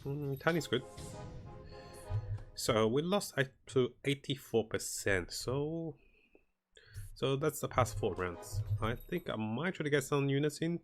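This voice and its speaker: A man giving casual commentary on a strategy game as he plays, thinking aloud in a relaxed way. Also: medium pitch, unhurried, soft background music. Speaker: gaming commentator. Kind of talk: casual live gameplay commentary.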